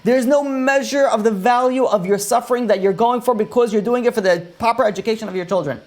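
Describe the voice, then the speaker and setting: A man's voice: very high voice, fast, voice pushed up. Man voicing an aging rabbi in a storytelling sermon, earnest and commanding. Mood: urgent, insistent. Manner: pleading then commanding. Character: elderly male rabbi, kindly but firm.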